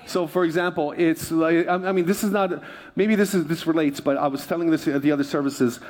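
A man's voice: on the high side, steady tone, fairly quick, a little mellow. A male pastor preaching a sermon, mixing humorous stories with repeated phrases and calls to the congregation. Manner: asks the congregation for responses.

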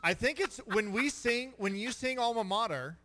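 A man's voice: very high voice, expressive, normal speed, bright, forceful tone, soft background music. A man co-hosting a casual sports talk show, teasing his partners and joking about how he says things. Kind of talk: casual sports radio banter.

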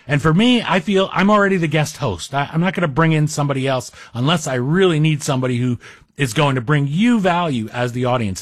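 A man's voice: on the high side, husky, no echo, clean studio sound. Rambling self-deprecating talk radio man. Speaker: radio guest host.

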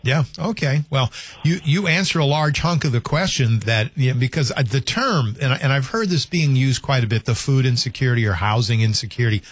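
A man's voice: mid-range voice, animated, brisk, husky. A man hosting a call-in radio talk show, chatting in a loose, rambling way with many restarts, speaking into a studio microphone.

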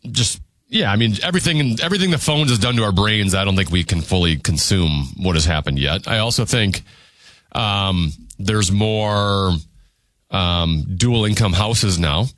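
A male radio co-host talks through his ideas in a measured, halting way. His voice sits very low, and the sound is close and dry. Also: lively intonation, fairly bright tone, dry recording. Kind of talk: casual on-air banter.

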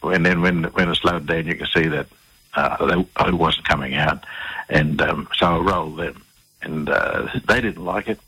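An Australian man being interviewed on the radio, telling his story casually in a halting way, with lots of fillers and restarts. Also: rumbling low, fairly even intonation, pushed and bright, husky, low-quality recording.

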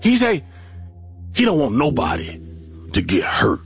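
A man's voice: a little high, unhurried, creaky, pauses often, breathy edge. A man hosting a story podcast, telling a childhood tale with dramatic flair and acted-out voices. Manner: animated, acts out voices and shouts. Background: music.

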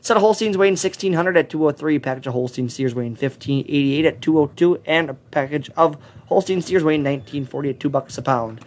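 A man reading a livestock market report, listing prices in a steady stream. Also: fairly high pitch, quick pace, hardly any pauses.

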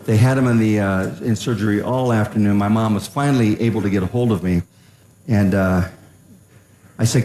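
An older man doing stand-up comedy, telling family stories that swing between high excited bits and low, earnest storytelling. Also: a little fast, reverberant.

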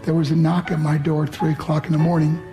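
A man's voice: on the high side, level tone, fast talker. Earnest man telling a life story. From New York. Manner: storytelling, acting out quoted voices, earnest and heartfelt. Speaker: motivational speaker. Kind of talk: emotional motivational speech to students. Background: background music.

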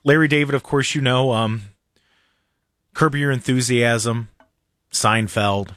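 A man's voice: medium pitch, steady tone, slow, a bit bright, no echo, clean studio sound. A man hosting a political talk show, mocking and sarcastic in his commentary.

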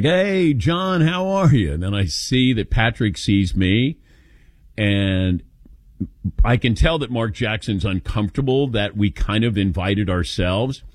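A man hosts a sports radio show, telling his stories with a lively, swinging pitch and playing every part in them. His voice sits dry and close on the mic. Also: no echo. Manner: animated storyteller acting out quotes. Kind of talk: storytelling call-in radio.

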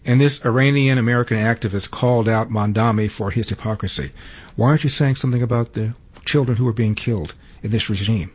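A male news host giving brisk, matter-of-fact story introductions. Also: lowish voice, breathy edge. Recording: faint music behind.

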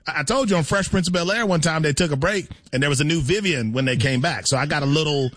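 Husky-voiced male co-host, animated and self-mocking, dry close mic. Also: fairly high pitch, fast talker, no room sound. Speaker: sports talk co-host. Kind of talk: casual sports talk.

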